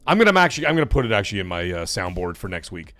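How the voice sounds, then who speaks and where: A man's voice: lowish voice, very animated, rapid-fire, pushed and bright, dry recording, soft background music. A man hosting a casual gaming livestream, chatty and rambling, laughing often as he reads chat. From Italian-American background. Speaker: livestream host.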